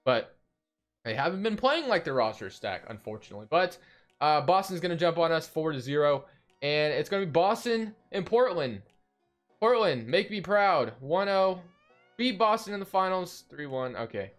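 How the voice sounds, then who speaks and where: A man's voice: on the high side, sing-song, moderate pace, faint music behind. A young man casually commentating his basketball video game, rambling and thinking aloud with lots of fillers. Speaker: gaming video host.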